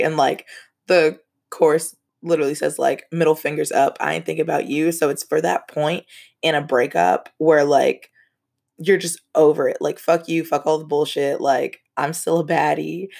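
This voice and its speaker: A woman's voice: deep voice, creaky. A young woman hosting a casual podcast, telling a story with frank, profane asides and laughs.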